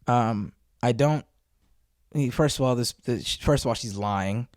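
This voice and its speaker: A man's voice: medium pitch, measured pace, no echo. Blunt, dry-sounding male commentator. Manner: blunt, profane, sarcastic. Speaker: host. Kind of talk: commentary on a video clip.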